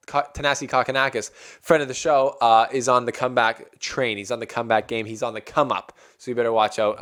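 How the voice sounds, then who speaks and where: A man's voice: mid-range voice, a bit bright. A man hosting a tennis show, recapping matches in a chatty, loose way. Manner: chatty, loose, with filler and restarts. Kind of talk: casual recap commentary.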